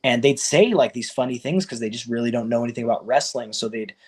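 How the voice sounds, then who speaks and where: A man, a professional wrestler, telling his career story in a casual, animated way and acting out what others said. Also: fast, breathy edge. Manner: animated, acts out quoted people with raised pitch; loose and conversational, many fillers like "like" and "you know".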